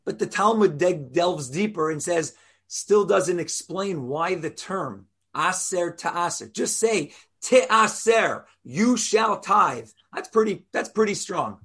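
Husky man teaching an informal Torah class. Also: high voice, animated, unhurried. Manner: conversational, explains step by step, quizzes the audience.

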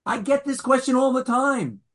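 A man's voice: extremely high pitch, normal speed, fairly bright tone. A man teaching an online Torah class as rabbi, questioning his students in a challenging, Socratic way.

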